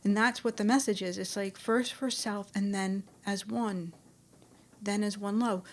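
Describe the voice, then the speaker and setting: A woman's voice: mid-range voice, fairly even intonation, unhurried. A middle-aged woman telling a personal spiritual story in a loose, conversational way, with many restarts and fillers. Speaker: spiritual speaker.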